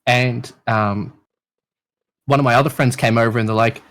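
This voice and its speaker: A medium-pitched man speaking at normal speed, this Australian in his twenties is a podcast guest telling stories in casual conversation. He's lively, swears plenty and acts out everyone in his tales.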